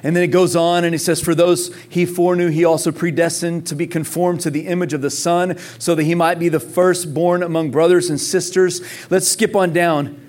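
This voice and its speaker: High-voiced fervent male preacher. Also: little pitch movement, a little fast, few pauses, darkish tone. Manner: passionate, calls on the congregation to respond; emphatic repetition. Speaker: pastor. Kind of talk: sermon.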